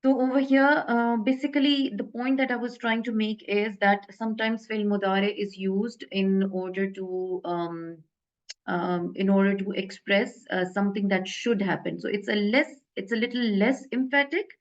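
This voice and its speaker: A woman's voice: mid-range voice, steady tone, normal speed. Hesitant woman teaching grammar, dull audio. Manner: hesitant, many fillers and self-corrections. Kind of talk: casual online lesson explaining grammar.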